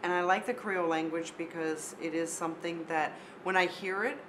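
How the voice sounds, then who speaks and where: A woman's voice: fairly low pitch, fairly even intonation, brisk. A middle-aged woman hosting a radio talk show, upbeat and enthusiastic as she interviews a guest. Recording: radio recording with background noise.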